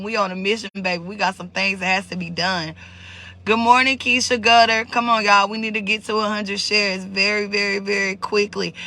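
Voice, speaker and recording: A man's voice: high-pitched, bright, forceful tone. A man hosting a live stream, talking casually and emotionally to his viewers, greeting them by name and repeating words as he searches for what to say.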